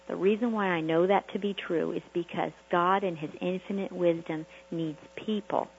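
A woman's voice: lowish voice, fairly even intonation, normal speed, a little mellow, highs cut off, a little hiss or hum. A woman preaching a motivational sermon to a group call, emphatic and repetitive, full of rhetorical questions. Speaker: prosperity preacher.

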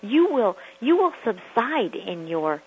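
A woman's voice: on the high side, big pitch swings, takes it slowly, narrow, tinny audio, slight background noise. A woman hosting a self-help radio talk, speaking emphatically and repeating phrases for effect. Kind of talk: motivational talk.

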